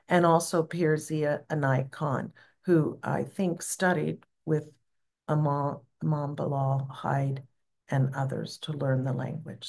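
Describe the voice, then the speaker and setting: A woman with a low, slightly gravelly voice guides a devotional practice. She speaks slowly and gently, encouraging her listeners. Her tone is calm and unhurried. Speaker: spiritual teacher.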